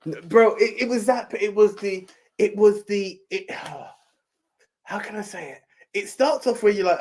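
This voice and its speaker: A man, co-hosting a podcast and rambling about a film with halting restarts. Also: high-pitched, a little mellow. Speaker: podcast co-host. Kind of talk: casual chat, film review.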